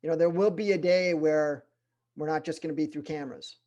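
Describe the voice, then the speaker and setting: A middle-aged man with a voice on the high side leads a sales training session, talking animatedly as he speeds up, slows down, and pauses for emphasis. The audio sounds dull.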